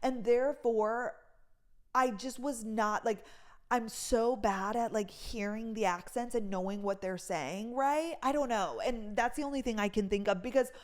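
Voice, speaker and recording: A woman's voice: fairly high pitch, unhurried. Chatty young woman rambling casually. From North Dakota. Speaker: vlogger. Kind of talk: casual chat, voice memo.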